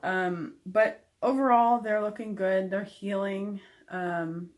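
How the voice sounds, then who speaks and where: A woman's voice: medium pitch, fairly even intonation, slow. A young adult woman giving a candid, frank recovery update to camera, with frequent ums. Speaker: vlogger.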